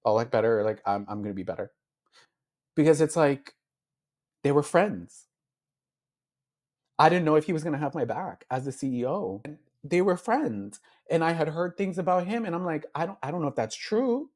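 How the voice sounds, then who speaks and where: During a candid and emotional interview, a man who is a beauty influencer tells his story from the heart. His voice leans high and a little mellow, animated yet at normal speed, and he uses plenty of fillers while acting out what went through his head back then.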